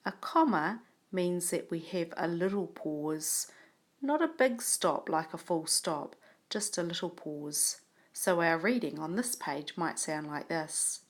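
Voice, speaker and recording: A woman teaching a reading lesson, speaking clearly and patiently as she models reading a story aloud. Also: fairly low pitch, animated, slow. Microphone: tablet microphone.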